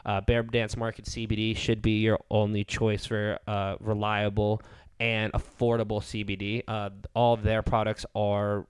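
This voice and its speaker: Low-voiced, profane man. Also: flat delivery, moderate pace, clean tone, no room sound. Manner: loose, profane storytelling. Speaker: podcast co-host. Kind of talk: casual podcast chat.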